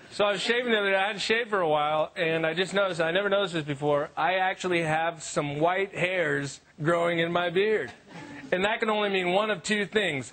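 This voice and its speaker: A man doing a stand-up set on TV, deadpan, jumping into silly voices for the people he quotes. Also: high voice, moderate pace. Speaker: stand-up comedian. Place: TV studio stage. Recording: loud audience laughter, TV studio.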